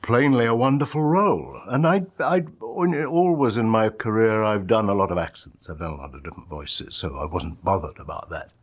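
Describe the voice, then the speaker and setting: A man, an actor, telling a lively, theatrical anecdote in a documentary interview. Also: lowish voice, normal speed, few pauses.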